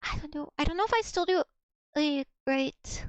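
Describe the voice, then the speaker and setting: This is a casual livestream where a young woman sounds out Russian words, joking at her own expense and filling gaps with "like." Her high-pitched voice is animated and moderately paced, captured in a dry recording.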